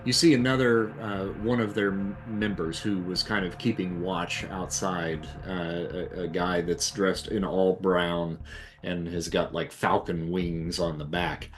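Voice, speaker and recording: Fields: Role: game master man. Pitch: low. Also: measured pace, a little hiss or hum. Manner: relaxed, filler-heavy narration. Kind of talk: narrating a tabletop game. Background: background music.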